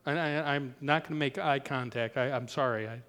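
A man's voice: mid-range voice, fairly quick, a bit bright, long reverb tail. A man preaching a sermon as pastor in a church, talking in a conversational way with joking asides.

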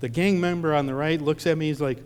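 A man's voice: fairly high pitch, fairly even intonation, quick pace, a little mellow, clear, resonant tone. A preacher from Ohio telling a personal story in a sermon, acting out the voices of the people in it and often repeating his words. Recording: long reverb of a large hall.

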